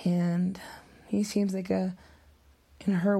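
A woman's voice: medium pitch, little pitch movement, unhurried, vocal fry, warm tone. A middle-aged woman talking in an emotional, rambling vlog monologue, sometimes dropping to a whisper.

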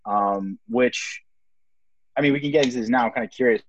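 A young man hosting a podcast rambles through casual chat, filling it with "like" and "you know what I mean." His mid-range voice moves briskly, and the audio is dull with slight background noise.

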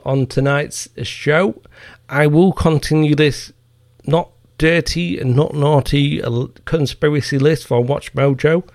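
A man's voice: mid-range voice, gravelly, darkish tone, no room sound, clean studio sound. A man hosting a podcast, ranting in a profane, heated and mocking way. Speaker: podcast host. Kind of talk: ranting commentary.

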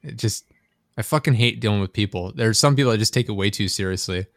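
Young man, casual podcast chat, relaxed and profane, dry close mic. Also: lowish voice, fast, dry recording. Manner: laid-back, swears freely, acts out quotes.

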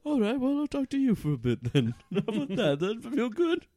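A man's voice: very high voice, huge pitch swings, a little fast, dark tone, dry recording, heavily acted. A man playing a flustered, stammering dad. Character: awkward middle-aged dad Harold, eager to please. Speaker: comedy podcast host. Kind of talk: improvised comedy scene.

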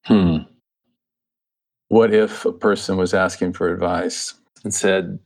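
Deep gravelly interviewer. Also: male voice, flat delivery, slow, pauses often, a little mellow. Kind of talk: interview questions.

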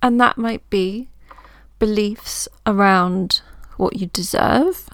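A woman coach hosting her own podcast, talking through ideas in a gentle, reassuring way, as if thinking aloud. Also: medium pitch, takes it slowly, dry recording, studio quality. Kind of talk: reflective solo podcast talk.

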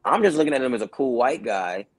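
A man with a New York accent, a podcast guest and actor, telling a story casually and acting out the dialogue with lively, shifting voices. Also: mid-range voice, quick pace. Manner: animated, acts out quoted dialogue in shifting voices.

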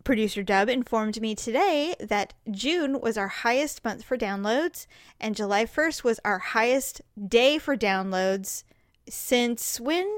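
Goofy higher-voiced woman hosting. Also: animated, a little slow, no room sound, clean studio sound. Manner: goofy, given to silly voices. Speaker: podcast host. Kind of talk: casual chat.

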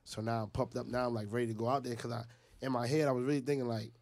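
A man speaks at an everyday middle pitch, with a rough, gravelly edge in his voice. He tells a personal story in relaxed conversation. He slips into the voices of the people in it as he goes. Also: rapid-fire. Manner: animated, acts out other people's lines. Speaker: guest telling a personal story. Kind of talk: casual storytelling.

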